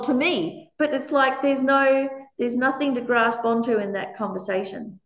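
A woman leading a workshop for a small group, lively and laughing often as she acts out quoted lines. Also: fairly high pitch, normal speed, few pauses. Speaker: workshop leader. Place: meditation centre room. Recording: echoey room, dull lo-fi sound.

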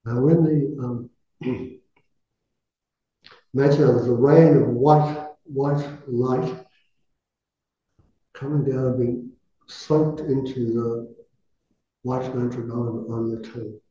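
Dark-voiced man leading chanted meditation. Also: mid-range voice, steady tone. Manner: measured, softly intoning recited syllables. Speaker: meditation teacher. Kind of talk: guided visualization with mantra chanting. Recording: echoey, dull lo-fi room recording.

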